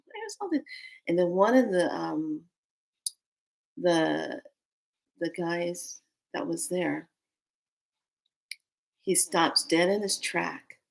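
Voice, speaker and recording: Lively woman storyteller, low-pitched. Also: very slow, creaky, long pauses. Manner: animated, acts out dialogue in other voices; drops to a hushed whisper for tense moments. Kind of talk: personal storytelling.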